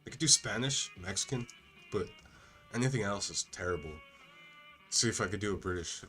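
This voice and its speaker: A man's voice: on the low side, lively intonation, fairly quick, a bit bright, soft background music. A young man casually commentating a video game, laid-back, swearing and laughing a lot. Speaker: gaming streamer. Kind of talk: casual let's-play commentary.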